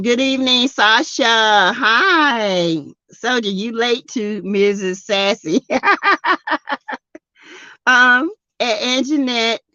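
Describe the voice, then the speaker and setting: A woman with a Southern US accent hosting a casual live stream, greeting chatters by name and laughing loudly and often. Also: on the high side, no room sound, dull audio. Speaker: YouTube live-stream host. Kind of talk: casual live-stream chat reading comments.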